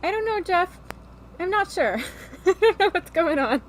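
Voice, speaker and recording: A woman's voice: very high voice, very animated, normal speed, slight background noise. A woman co-hosting a casual livestream, chatting and laughing easily with the host.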